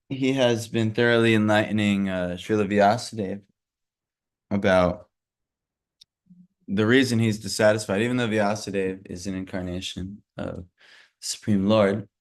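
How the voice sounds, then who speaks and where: A man with hiccups giving a casual scripture lesson, halting often with fillers and restarts. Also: on the low side. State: has hiccups. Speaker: scripture class teacher.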